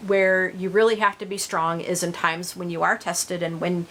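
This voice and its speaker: A woman's voice: on the low side, level tone, normal speed, fairly bright tone, slight background noise. A middle-aged woman vlogging about her reborn dolls, chatting casually to viewers with many fillers and restarts.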